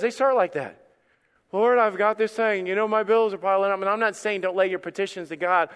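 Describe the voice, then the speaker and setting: A man's voice: high-pitched, fairly bright tone, big-room sound. A male pastor preaching a sermon in an emphatic, conversational way, repeating phrases for effect.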